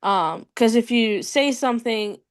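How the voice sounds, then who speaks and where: A woman taking part in a podcast discussion, speaking in a measured, hesitant way with frequent ums. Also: a little high, lively intonation. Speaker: podcast guest.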